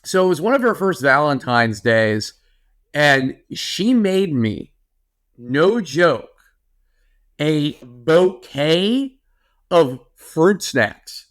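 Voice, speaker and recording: A young man co-hosting a podcast, talking in an animated, playful way with lots of filler words. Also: a little high, drawn-out words. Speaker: podcast co-host. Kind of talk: casual chat.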